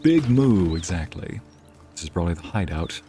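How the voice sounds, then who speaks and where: A man's voice: sits low, sing-song, normal speed, mellow, soft background music. A young man hosting a let's play, chatting and joking casually with his viewers as he plays. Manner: joking, chatty, talks to chat. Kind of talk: casual gameplay commentary.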